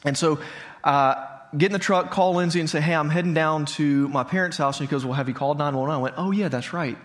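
In a church hall, a thirties-aged pastor with a fairly high, somewhat bright voice speaks conversationally to his congregation. He shares a personal story and asks the audience questions along the way.

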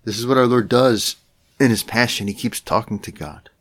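A man's voice: medium pitch, moderate pace, fairly bright tone. A man preaching a sermon in an earnest way, often repeating phrases and turning to address the Lord directly. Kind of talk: spoken sermon.

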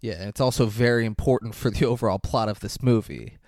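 A man's voice: fairly low pitch, quick pace, a little mellow, no room sound, studio quality. A man co-hosting a podcast in casual chat, blunt and teasing, often correcting his co-host. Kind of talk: casual movie recap chat.

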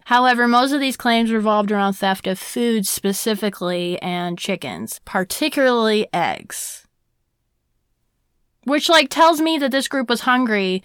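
A woman's voice: medium pitch, fairly bright tone, clean tone, dry recording, studio quality. A young woman hosting a casual history talk, sassy and chatty, full of "like" and rhetorical questions. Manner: sassy, chatty, heavy use of "like". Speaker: podcast host.

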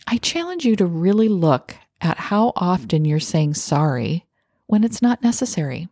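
Earnest woman podcaster, low mellow voice. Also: big pitch swings, measured pace, dry recording, clean studio sound. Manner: earnest, self-reflective, acts out little quoted phrases. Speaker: podcast host. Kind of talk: solo podcast talk.

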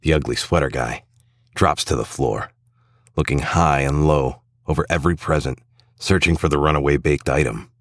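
Male storyteller, extremely deep and dry, steady even read. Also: moderate pace, dry recording. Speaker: narrator. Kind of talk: storybook narration.

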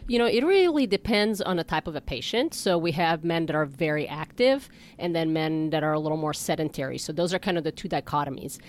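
A woman podiatrist, a guest on a health talk show, explaining foot problems in a relaxed, plain way with easy laughs. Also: low voice, brisk, hardly any pauses. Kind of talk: casual interview talk.

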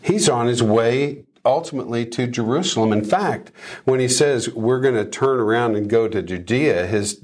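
A man's voice: medium pitch, normal speed, a little mellow. A man co-hosting a casual Bible discussion podcast, speaking in a reflective, conversational way with some jokes. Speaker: podcast co-host.

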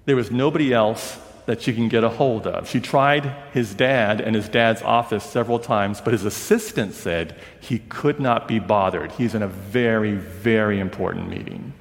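A man telling a story in a sermon, acting out the people he quotes and dropping to a hush at emotional moments. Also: lowish voice, moderate pace, few pauses. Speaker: preacher. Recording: long reverb of a large hall.

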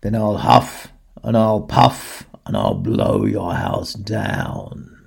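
A man's voice: rumbling low, very animated, creaky, husky, pitched below the performer's own voice, exaggerated voice. A man growling as the big bad wolf. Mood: menacing. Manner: growling, drawn-out threats. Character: big bad male wolf, hungry and menacing.

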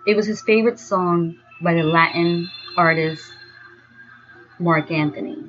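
Slow, dreamy woman narrating a story. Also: on the low side, a bit bright. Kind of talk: first-person story narration. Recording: dull lo-fi sound with faint music.

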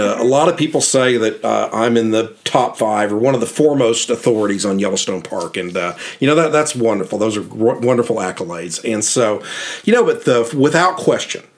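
A man's voice: medium pitch, animated, a little fast, faint music behind. A middle-aged man hosting a podcast, telling stories in a casual, rambling, enthusiastic way. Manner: rambling, enthusiastic, repeats words and restarts. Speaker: podcast host and guidebook author. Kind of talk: casual storytelling monologue.

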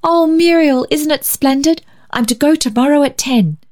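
A woman voicing a timid, hopeful young woman who speaks brightly and falters when nervous. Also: mid-range voice, expressive, a little slow, voice pushed up, close to an everyday voice. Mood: elated.

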